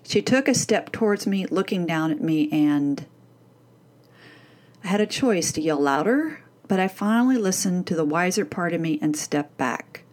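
A middle-aged woman presenting a parenting course and telling a personal story in a scripted, animated way, leaning hard on key words. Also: lowish voice, moderate pace.

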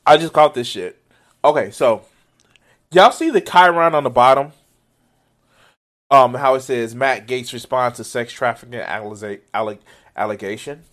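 A man giving casual, profane reaction commentary on a video, excitable and laughing often. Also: medium pitch, normal speed, pauses often.

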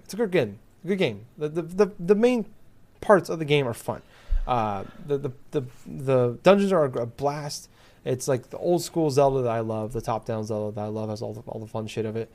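A man's voice: medium pitch, darkish tone. A man chatting casually who rants with exasperation and swears freely. His speech is loose and filled with fillers. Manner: profane, exasperated ranting with many fillers. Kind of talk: casual chat.

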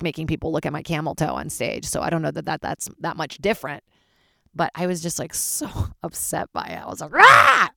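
A woman stand-up comedian hosting her own podcast, rambling casually, swearing freely and jumping wildly in pitch. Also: gravelly, no room sound, clean studio sound. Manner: animated, swears freely, big jumps in pitch.

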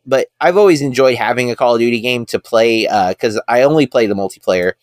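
A man's voice: medium pitch, a little fast, no echo, studio quality. A man co-hosting a podcast in casual chat, rambling with lots of fillers and enthusiastic about films. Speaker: podcast co-host.

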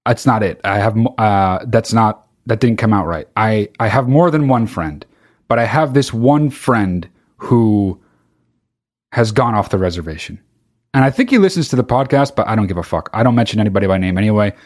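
A man's voice: fairly low pitch, expressive, normal speed. A man hosting his own podcast, talking in a profane, rambling comedic monologue that keeps interrupting itself. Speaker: podcast host.

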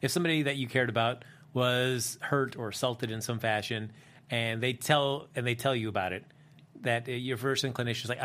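Fast-talking bright-voiced man co-host. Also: medium pitch. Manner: exasperated, opinionated. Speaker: co-host of a TV recap show. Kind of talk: casual chat.

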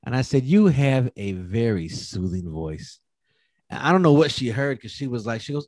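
Animated man telling a story on a podcast. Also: medium pitch, moderate pace, no echo, studio quality. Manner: animated, acts out quoted voices, laughs often. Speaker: podcast co-host. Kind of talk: casual storytelling chat.

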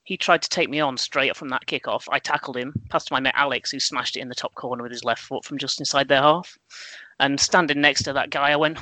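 A man's voice: medium pitch, fairly even intonation, fast, bright, forceful tone, no echo, rough recording. A man on a podcast panel, telling wry, self-deprecating anecdotes.

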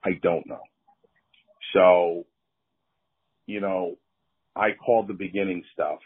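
A man's voice: deep voice, takes it slowly, husky. An older man, a retired wrestler, telling casual anecdotes and acting out the voices of the people in them. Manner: animated anecdotes, acts out quoted voices. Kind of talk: casual storytelling. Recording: tinny phone-like line.

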